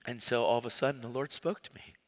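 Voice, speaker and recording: A man's voice: mid-range voice, fast talker. Guy preaching his testimony in a big hall, long echo, gets worked up, keeps restarting lines. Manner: animated, emotional storytelling with many restarts. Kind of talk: personal testimony sermon.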